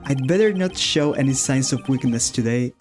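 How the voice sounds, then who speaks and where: A man's voice: medium pitch, normal speed, soft background music, lightly acted. A man reading a wary young defense lawyer. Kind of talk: reading game lines aloud on stream.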